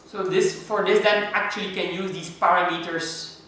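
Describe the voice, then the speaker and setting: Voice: medium pitch, steady tone, moderate pace, sharp tone, slight background noise. Lecturer, university lecture, step-by-step explaining, rhetorical questions, very echoey hall, distant mic.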